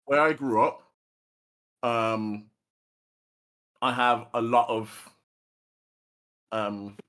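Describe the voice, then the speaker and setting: A man's voice: mid-range voice, a bit bright. Laid-back man chatting on a podcast. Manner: laid-back, halting, restarts and laughs. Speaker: podcast co-host. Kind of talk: casual chat.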